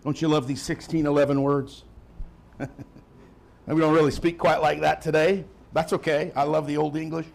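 Man, pastor, sermon, lively and emphatic, light humor, fairly high voice. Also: normal speed, gravelly. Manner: lively preaching with quiet asides and humor. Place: church.

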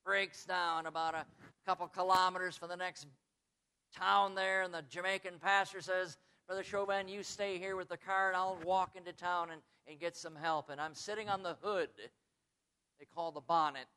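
A man preaching a sermon, swinging from quiet asides to loud, high, drawn-out emphasis, who says he is from the United States. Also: little pitch movement, clear, resonant tone.

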